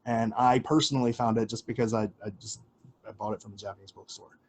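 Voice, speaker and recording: A man at a mid-range pitch answers viewer questions on a livestream in a loose, rambling way, full of "um"s and restarts and the odd swear word. Faint noise hums behind him. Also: steady tone, fast talker. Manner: rambling, filler-heavy, casual swearing. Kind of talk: casual livestream Q&A.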